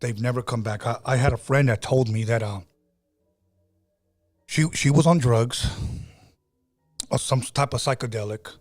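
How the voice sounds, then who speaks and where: A middle-aged man hosting a podcast, telling stories in a casual, conversational way with frequent fillers and restarts. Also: mid-range voice. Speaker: podcast host.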